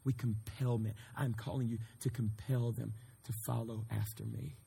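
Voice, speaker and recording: Male youth pastor, mid-pitched, earnest, casual preaching with fillers. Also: moderate pace, gravelly, slightly rough. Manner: earnest, conversational, rising to excited calls to the crowd. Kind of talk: sermon to a youth group.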